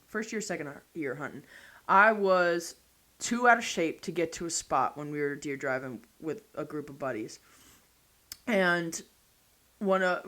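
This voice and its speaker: A woman's voice: fairly low pitch, sharp tone. A woman in her thirties, a podcast guest, telling a story in a blunt, casual way and swearing freely.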